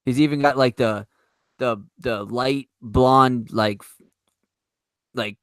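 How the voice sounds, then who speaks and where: A man hosting a casual podcast, swearing often and talking in halting bursts. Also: medium pitch, fairly even intonation, dry recording. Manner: swears a lot, halting with restarts. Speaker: podcast host.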